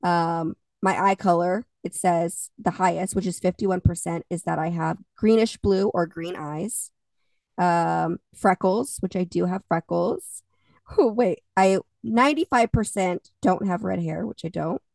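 A young woman co-hosting a podcast talks in loose, chatty bursts, laughing often and swearing now and then. Her voice has a gravelly edge. She sits a little back from the mic in a dry, unechoing space. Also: lowish voice, a little slow, darkish tone, no echo, recorded from a distance. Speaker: podcast co-host. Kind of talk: casual chat.

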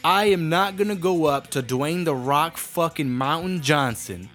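Man, comedic rant, brash and profane, slightly high voice, faint music behind. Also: measured pace, a bit bright.

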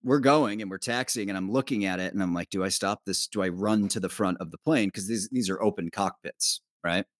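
A man's voice: fairly low pitch, brisk, hardly any pauses, no room sound, clean studio sound. A man, a documentary producer guest, telling a loose travel story with fillers and swearing. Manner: loose, profane, many fillers. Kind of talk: casual storytelling chat.

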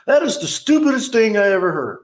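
A man's voice: high voice, very animated, brisk, pitched above the performer's own voice. A man putting on a blustering, angry car lot boss. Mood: angry scolding. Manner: loud, scolding, rude. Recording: roomy echo.

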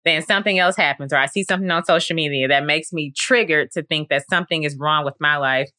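Low-voiced woman in casual faith talk. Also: fast, bright, forceful tone, no echo, clean studio sound. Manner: conversational, frequent fillers, earnest. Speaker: podcast host.

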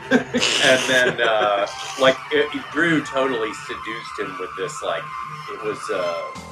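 Man, co-host, unhurried and profane storyteller, music bed underneath. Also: mid-range voice, rough recording. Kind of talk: casual chat about music.

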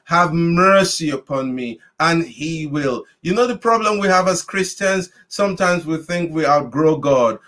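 A man's voice: fairly high pitch, fairly bright tone. A man preaching and leading prayer, exhorting listeners in a repetitive, rhythmic cadence. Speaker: pastor leading an online prayer meeting. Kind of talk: sermon with prayer.

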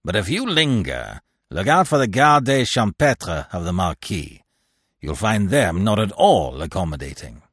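Gruff middle-aged sergeant, low and brusque; voiced by the male narrator. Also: sing-song, measured pace, fairly bright tone, no room sound, clean studio sound, full character voice. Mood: relenting.

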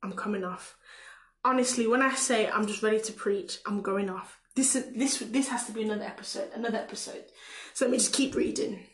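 A woman's voice: mid-range voice, brisk, roomy sound, low-quality recording. A woman with a Caribbean accent giving a casual devotional talk, reading scripture aloud with many fillers and asides. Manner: relaxed, with frequent fillers and self-asides. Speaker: podcast preacher.

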